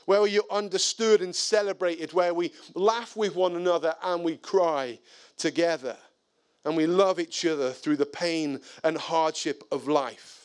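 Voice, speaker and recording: A male preacher with a fairly high voice, speaking in a lively, conversational way. He moves between personal anecdotes and reading scripture aloud, in a sermon setting. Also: unhurried, clear, resonant tone. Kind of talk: sermon with storytelling.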